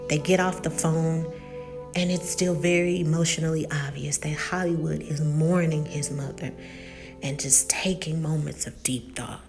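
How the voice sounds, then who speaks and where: A woman's voice: deep voice, steady tone, normal speed, gravelly, music in the background. A woman giving a casual recap of a TV episode, telling it in a chatty, storytelling way and slipping into the characters' quoted lines. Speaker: TV recap vlogger. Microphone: USB desk mic.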